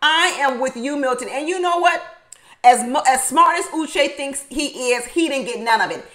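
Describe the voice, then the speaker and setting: A woman with a high voice recaps a reality show in a loose, chatty way. She is animated and emphatic, laughs a lot, and says her favorite lines two or three times over. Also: moderate pace, poor audio.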